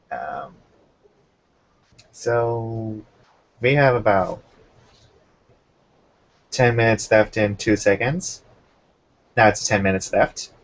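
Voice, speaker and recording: A young man hosting a casual chat, relaxed and talkative, keeping an eye on the time. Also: on the low side, very slow, long pauses. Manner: relaxed, chatty, keeps time. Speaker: podcast host. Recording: muffled lo-fi recording.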